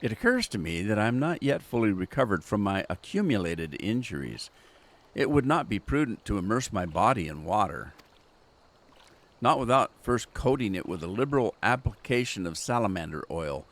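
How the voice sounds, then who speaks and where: A pompous, eccentric gentleman detective with a grand, flowery way of speaking, as a man reads him aloud from a game. The voice sits lower and a touch quieter than the reader's usual talk, and it is delivered with theatrical self-importance. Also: sing-song, moderate pace. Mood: grandiose. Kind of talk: reading game dialogue aloud.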